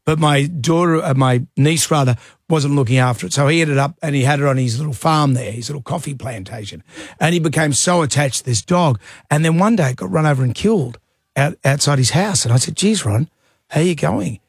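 A man's voice: on the high side, a little fast, slightly rough, no echo, clean studio sound. An Australian man co-hosting breakfast radio, chatty and consoling, who tells anecdotes. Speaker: radio co-host. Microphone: studio microphone.

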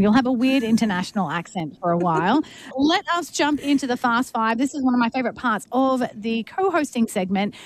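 A woman hosting a music podcast interview in a chatty, upbeat way, laughing often. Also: fairly high pitch. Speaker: podcast host. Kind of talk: casual interview chat.

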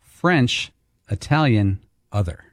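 A man co-hosts a sports talk radio show, his voice sitting on the low side. He tells stories and slips in deadpan wisecracks. The sound is dry and close. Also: slow, no echo.

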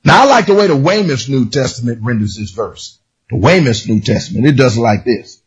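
Husky, animated preaching man. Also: medium pitch, a little fast. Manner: animated preaching, shouting and half-singing, storytelling with voices. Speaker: pastor. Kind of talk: sermon. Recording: dull lo-fi sound.

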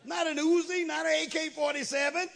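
A male pastor preaching a sermon with call-and-response, building to shouts. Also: very high voice, level tone, brisk, gravelly.

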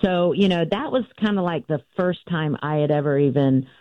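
A woman in her sixties recounts a family story over what sounds like a narrow, tinny phone line. The sound is dry and close with no room around it. She talks in a loose, conversational way, pausing with "um" and restarting sentences as she goes. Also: deep voice, no room sound. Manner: recounts events with frequent fillers and restarts, acting out quoted voices. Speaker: author guest.

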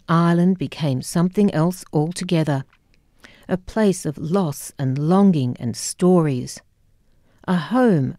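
A woman narrating her own memoir audiobook in a wry, measured storytelling manner. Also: on the low side, warm tone, no echo, clean studio sound.

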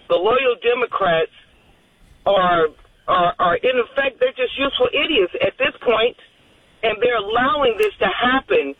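Woman rambling on a tinny phone line. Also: mid-range voice. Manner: rambling, loses her train of thought. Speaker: radio show caller. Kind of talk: call-in phone conversation.

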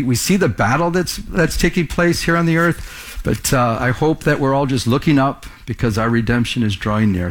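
A man preaching a sermon in a conversational way, often repeating words and asking the congregation questions. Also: medium pitch. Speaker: pastor.

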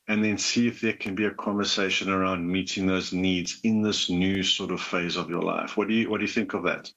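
A man hosting a call-in advice show, talking in a gentle, earnest coaching manner. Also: deep voice, moderate pace, hardly any pauses, dull audio. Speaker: relationship advice host.

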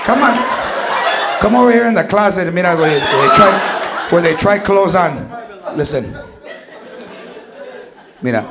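A man's voice: fairly high pitch, lightly acted. A man impersonating a strict, threatening Mexican mother who scolds her son, mixing in Spanish words, in a stand-up set. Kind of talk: stand-up impression. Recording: live club with loud crowd. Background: loud audience laughter.

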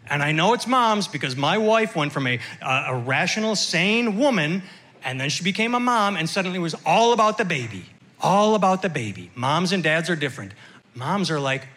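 Bright-voiced man doing wry stand-up. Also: fairly high pitch, expressive, fairly quick. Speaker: stand-up comedian. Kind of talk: stand-up comedy set.

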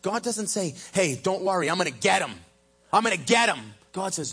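A male pastor preaching a sermon at a church service, swinging between loud emphatic peaks and low hushed lines, and stretching key phrases out slowly. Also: husky.

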